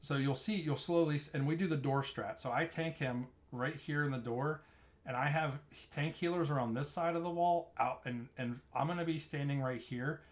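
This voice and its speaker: A man's voice: on the high side, normal speed. Chatty man walking through game footage. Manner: loose and chatty, narrates replay footage with frequent restarts. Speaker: streamer explaining raid tanking. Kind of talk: casual gameplay walkthrough.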